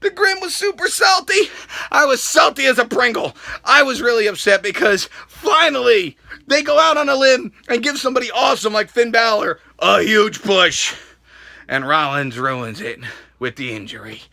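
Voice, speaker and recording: A man ranting loudly through a wrestling recap, swearing, joking and breaking into shouts. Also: very high-pitched, animated, normal speed, gravelly, dry recording. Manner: loud, profane, jokey ranting with sudden shouts. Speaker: wrestling vlogger.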